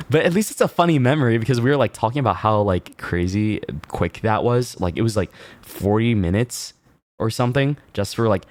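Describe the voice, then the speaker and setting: A man streaming, telling a story in casual chat, animated and laughing, swearing freely with many fillers. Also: lowish voice, moderate pace, dry recording.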